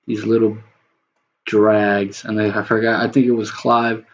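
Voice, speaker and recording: A man's voice: lowish voice, flat delivery, unhurried, dull audio, slight background noise. A man who produces music, talking casually and rambling as he builds a beat, swearing now and then and humming the rhythm. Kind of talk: casual talk while making a beat.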